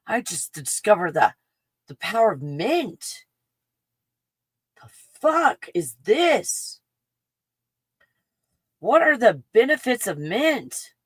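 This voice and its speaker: A woman in her forties hosting a casual solo livestream, rambling excitedly and swinging between hushed asides and loud outbursts. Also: fairly low pitch, slightly rough, dry recording, rough recording. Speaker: livestream host.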